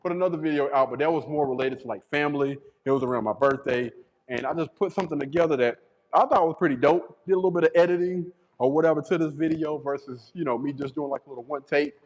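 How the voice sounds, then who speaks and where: A man YouTuber telling a story in a casual, animated, slangy way, often repeating his words. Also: fairly high pitch, fast talker, in a large hall, low-quality recording.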